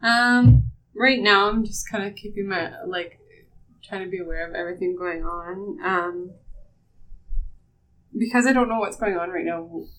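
A woman's voice: medium pitch, a little slow, pauses often, fairly bright tone. Hesitant woman player, mic far off. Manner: hesitant, with many fillers. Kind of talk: casual tabletop play. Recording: distant mic.

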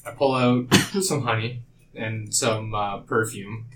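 A man playing a tabletop game, playful and animated. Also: fairly low pitch, slow pace, recorded from a distance, noisy background. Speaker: player.

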